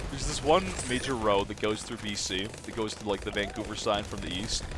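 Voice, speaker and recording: A man's voice: mid-range voice, normal speed, background noise. A young Canadian man streaming a game from home, rambling and chatting casually with his viewers and laughing often, with game music behind him. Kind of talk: casual gaming commentary to chat.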